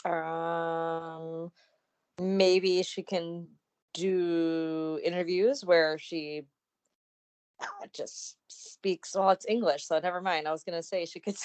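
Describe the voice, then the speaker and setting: Hesitant low-voiced woman co-host. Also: steady tone, takes it slowly, darkish tone, clear, resonant tone. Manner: hesitant, filler-heavy, laughing asides. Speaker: podcast co-host. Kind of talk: casual wrestling chat.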